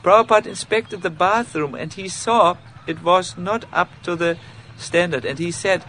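A man with giving an informal spiritual lecture, halting with many fillers and restarts, and self-mocking. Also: high voice, pushed and bright, a little hiss or hum. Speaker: spiritual teacher giving a talk.

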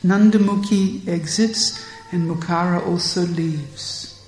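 A woman narrating a devotional story in a measured, gentle way. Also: on the low side, reverberant, low-quality recording.

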